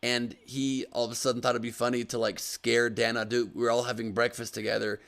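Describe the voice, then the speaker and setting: A man's voice: medium pitch, flat delivery, a little fast, gravelly, a bit bright. A man hosting a casual comedy chat show, joking and telling stories. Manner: joking storyteller, acts out voices. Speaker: host.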